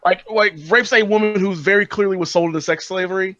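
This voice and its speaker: A man's voice: high-pitched, steady tone, quick pace, fairly bright tone, no room sound, lo-fi sound. A man in a casual podcast chat, who speaks in a heated, opinionated way. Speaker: podcast co-host.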